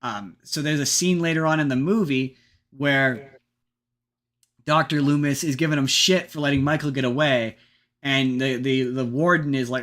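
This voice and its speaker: A man hosting a podcast in casual chat, rambling and animated, with frequent restarts and casual swearing. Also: mid-range voice, normal speed. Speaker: podcast host.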